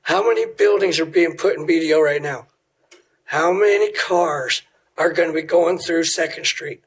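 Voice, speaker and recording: Hoarse, blunt middle-aged man. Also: on the high side, normal speed. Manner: blunt and pointed, firing off questions. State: hoarse, losing his voice. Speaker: resident giving public comment. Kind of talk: public comment at a city meeting.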